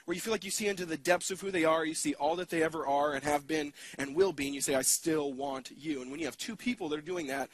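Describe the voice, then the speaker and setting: A man's voice: fairly high pitch, very fast, hardly any pauses, dry recording. A man giving a conversational keynote sermon at a conference, casual and self-deprecating, with lots of fillers and restarts. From United States.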